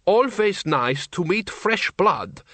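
A bossy middle-aged woman playing at vampire countess, voiced by a man in a raised, bright voice. She puts on genteel airs but turns snappish. The sound is close and dry. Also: high-pitched, big pitch swings, slow, no room sound, voice pushed up, exaggerated voice. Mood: haughty.

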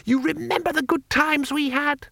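A man's voice: extremely high pitch, steady tone, normal speed, creaky, pushed and bright, no room sound, studio quality, voice pushed up, full character voice. A man voicing a timid, mild-mannered male tourist who talks in an earnest, apologetic way.

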